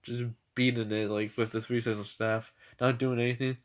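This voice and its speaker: A man's voice: medium pitch, level tone, normal speed. A young man casually retelling a fan story in a rambling way, with many restarts and laughs.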